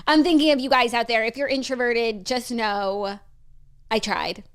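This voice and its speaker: A woman's voice: fairly high pitch, measured pace. A woman co-hosting a casual chat podcast, playful and self-deprecating, laughing a lot. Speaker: podcast co-host.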